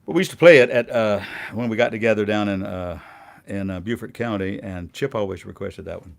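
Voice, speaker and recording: An older man, a singer-songwriter, chatting casually and rambling quietly between songs on his music show. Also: fairly low pitch, a little fast, creaky. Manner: relaxed, rambling, quiet spoken asides. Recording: guitar music under the voice. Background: acoustic guitar playing.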